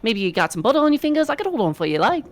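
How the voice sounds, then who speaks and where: Woman voicing a cocky, needling female monk, put-on Aussie-British twang, bright and pushy. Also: fairly high pitch, big pitch swings, rapid-fire. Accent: mixed British and Australian put-on. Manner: teasing, needling, slangy.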